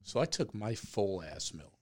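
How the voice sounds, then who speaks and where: Host, male, lively pitch, swears a lot, casual storyteller. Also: measured pace, breathy edge. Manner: animated, swears freely, laughs often.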